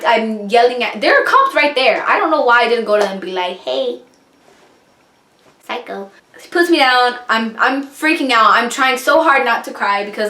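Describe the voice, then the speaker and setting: A young woman telling a storytime vlog, animated and acting out quoted lines. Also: on the high side, reverberant. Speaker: vlogger.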